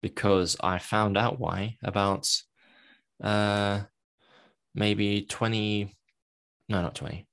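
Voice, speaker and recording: A low-pitched man speaks as a podcast guest, telling a personal story candidly and reflectively. He often stops to correct himself mid-sentence. The sound is dry and close, with no room around it. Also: fairly even intonation, slow pace, vocal fry, long pauses, fairly bright tone, no echo.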